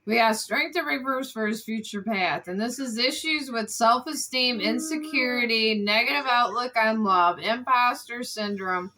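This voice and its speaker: Woman tarot reader, bright and a bit high, casual, exasperated, swears freely. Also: normal speed, few pauses, rough recording. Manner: exasperated, scolds between readings. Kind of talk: casual tarot reading video.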